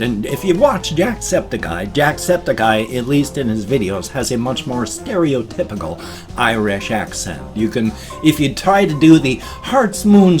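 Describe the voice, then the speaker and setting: A tired man in his fifties rambling through a casual vlog, explaining things at length with restarts. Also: mid-range voice. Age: 50s. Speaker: vlogger.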